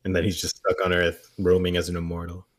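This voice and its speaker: Very deep-voiced man, wry co-host. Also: completely flat delivery, fast talker. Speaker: podcast co-host. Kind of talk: casual episode recap.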